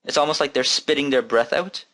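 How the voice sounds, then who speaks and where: This recorded language lesson features a man with a medium-pitched, sharp-toned voice teaching Arabic reading briskly. He goes over letter sounds patiently, repeating them and having students follow along.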